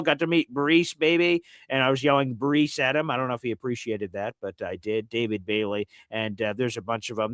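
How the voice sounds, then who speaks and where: A man hosting a live sports talk show tells a story in a lively, animated way, now and then leaping into high shouted quotes of himself. His voice sits at an ordinary middle pitch. The sound is close and dry, with no room around it. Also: dry recording. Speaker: sports digital radio host.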